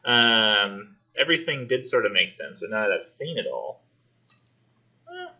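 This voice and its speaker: A man teaching a college English class, talking casually and acting out characters in quick voices. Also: mid-range voice, expressive, sharp tone, highs cut off. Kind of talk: classroom discussion lecture.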